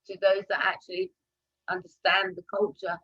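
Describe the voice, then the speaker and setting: Husky-voiced woman hosting a live chat. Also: lowish voice, normal speed, dull audio. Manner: animated, rising loud when stressing points. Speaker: host of a live talk show. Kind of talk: casual live-stream chat.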